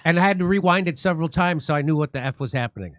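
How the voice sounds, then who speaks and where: A man's voice: fairly high pitch, racing, dry recording. A man with a Chicago accent, a comedian hosting a show, telling rambling self-mocking stories in casual banter. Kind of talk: casual live-stream banter.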